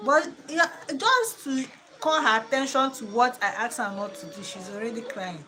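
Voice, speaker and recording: A woman's voice: a little high, very animated, normal speed. A woman chatting casually at home in her vlog, scolding her child between remarks. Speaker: vlogger. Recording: loud ambient noise.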